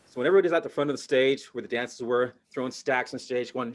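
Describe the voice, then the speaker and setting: A man's voice: medium pitch, fast talker. A man performing stand-up comedy over a video call, telling stories animatedly and jumping into character voices.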